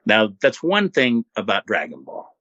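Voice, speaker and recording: Bright, lively-voiced older radio man. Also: on the low side, unhurried, no room sound, lo-fi sound. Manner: animated, laid-back storyteller who acts out quotes. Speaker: interview guest, former radio host. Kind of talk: casual storytelling.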